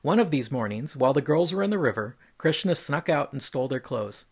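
A man reading a mythological story aloud in an even, measured storytelling voice. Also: mid-range voice, husky.

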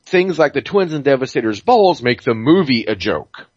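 A man's voice: mid-range voice, very animated, normal speed, slightly rough, no echo. A man chatting on a gaming podcast. He rambles and swears, stacks up fillers and restarts, and sounds dull and close on a dry, lo-fi home mic. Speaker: podcast co-host. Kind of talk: casual gaming podcast chat.

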